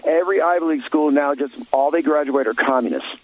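A man's voice: on the high side, quick pace, lo-fi sound. A man talking bluntly in an opinionated talk show chat, rambling with many restarts and fillers.

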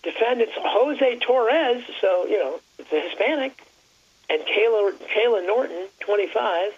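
A man's voice: sits high, expressive, slightly rough, dull audio. A man chatting on talk radio in a rambling way, stopping and restarting his sentences often. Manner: rambling, halting, many restarts. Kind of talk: casual talk radio chat.

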